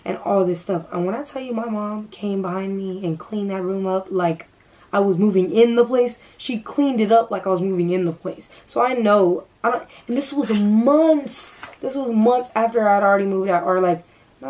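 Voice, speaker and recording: A young adult woman telling a storytime vlog in a casual, animated way, full of fillers, acting out what people said. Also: medium pitch, moderate pace, rough recording. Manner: animated, filler-heavy, acts out quoted dialogue. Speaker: vlogger.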